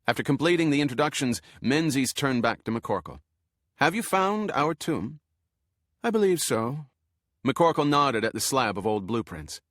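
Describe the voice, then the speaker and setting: A man narrating an audiobook in a measured, steady way. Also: mid-range voice, dry recording, studio quality.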